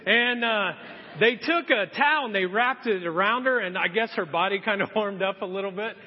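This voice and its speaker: A man's voice: sits high, a little fast. A man preaching a sermon, telling a story and acting out the voices of the people in it. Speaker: pastor. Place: church hall. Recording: muffled sound with long hall reverb.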